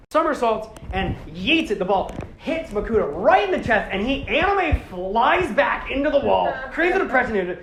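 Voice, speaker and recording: Man, high lively voice, excitable storyteller, echoey room, faint hiss. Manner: acts out characters in exaggerated voices, excitable. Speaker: podcast host recapping a franchise. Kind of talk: animated casual retelling.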